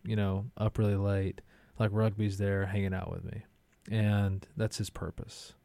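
Laid-back man with a dark, low voice. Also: little pitch movement, unhurried, creaky, no room sound. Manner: rambling, laid-back storytelling. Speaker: head chef and restaurant owner, guest. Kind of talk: casual conversation.

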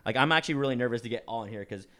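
A man's voice: medium pitch, racing, bright, forceful tone. A young man hosting a podcast, chatting casually and telling rambling stories full of "like" and restarts. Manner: rambling, filler-heavy storytelling. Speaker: podcast host. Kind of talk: casual chat.

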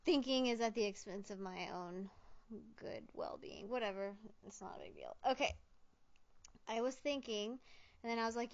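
A woman's voice: fairly high pitch, moderate pace, muffled recording. A woman hosting a solo podcast from home on a fancy microphone, rambling with goofy jokes and self-corrections. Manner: loopy, jokey, self-interrupting, keeps saying "just kidding". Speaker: podcast host. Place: at home, alone. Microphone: fancy studio microphone.

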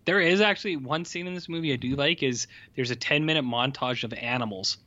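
A man's voice: medium pitch, a little fast, bright, forceful tone, dull audio. A man co-hosting a podcast, griping about a film in casual, profane chat full of fillers. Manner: profane, exasperated, lots of fillers. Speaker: podcast co-host.

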